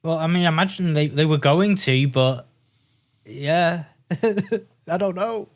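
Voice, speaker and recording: A man's voice: on the high side, a little slow. A man co-hosting a casual gaming podcast, laid-back and plain-spoken. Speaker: podcast co-host.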